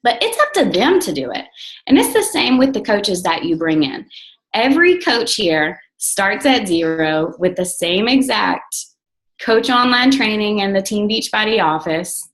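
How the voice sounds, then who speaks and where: Young woman team coach, casual and blunt, excitable, swears freely. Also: medium pitch, a little slow, rough recording. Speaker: team coach leading a call. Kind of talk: casual motivational team call.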